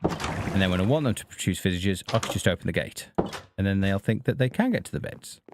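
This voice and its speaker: A man streaming a game, talking casually to himself and to the characters on screen in a relaxed, chatty way. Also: low-pitched, quick pace, very noisy. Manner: chatty, talks to himself and the villagers. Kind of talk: casual gameplay commentary.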